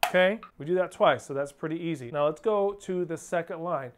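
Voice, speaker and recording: A man's voice: on the high side, fairly quick. Man coaching drum rudiments, counting aloud. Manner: counts beats and calls stickings aloud; patient, plain coaching. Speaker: drum instructor. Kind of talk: step-by-step music lesson. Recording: clear clicking noise behind voice.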